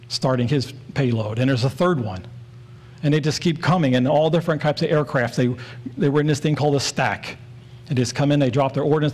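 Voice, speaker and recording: A man's voice: mid-range voice, a little mellow. Earnest man preaching a sermon. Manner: earnest, storytelling with repeated phrases.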